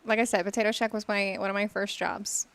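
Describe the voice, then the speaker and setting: A woman's voice: mid-range voice, little pitch movement, fairly quick, a bit bright, clear, resonant tone. A woman bantering on a morning talk show, teasing and laughing. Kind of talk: casual chat.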